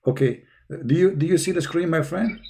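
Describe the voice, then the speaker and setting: A man hosting an online debate call, talking fast and pushing hard, breaking into Arabic recitation. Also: on the high side, creaky, warm tone. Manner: fast, pushy, switching between English and Arabic recitation. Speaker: debate host.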